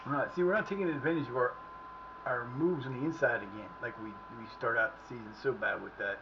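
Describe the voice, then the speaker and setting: A middle-aged man streaming live and chatting casually as he plays, excitable and profane, often yelling at the action. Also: mid-range voice, quick pace, muffled recording, background noise. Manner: excitable, profane, shouts at the play. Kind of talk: casual live commentary while playing.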